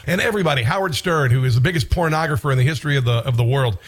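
A man's voice: mid-range voice, rapid-fire. A man hosting a political talk show, delivering an indignant, rambling commentary monologue with frequent restarts and bursts of outrage.

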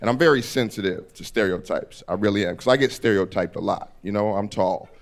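A man's voice: fairly low pitch, fairly quick, creaky. A man performing a stand-up comedy set on a club stage, telling stories animatedly and acting out characters. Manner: animated storytelling, acts out characters in quotes.

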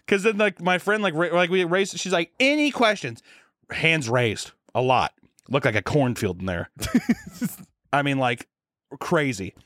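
A man co-hosting a podcast, telling animated, profane stories in casual banter and laughing often. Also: on the high side, unhurried, no room sound, clean studio sound. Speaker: podcast co-host.

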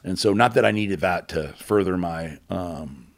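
A man candidly telling a personal story as an interview guest, halting, with many fillers and blunt swearing. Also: low-pitched, creaky.

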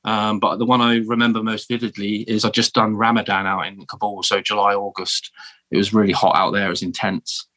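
A man in his thirties from the south of England with a southern English accent, telling stories as a guest in a casual interview, animated and full of restarts. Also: lowish voice, brisk, no room sound. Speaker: guest, former marine.

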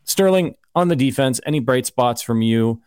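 A man's voice: mid-range voice, lively intonation, normal speed, a little mellow, smooth, no echo, clean studio sound. A man hosting a casual sports podcast, talking in a rambling, conversational way and arguing his points. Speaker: podcast host.

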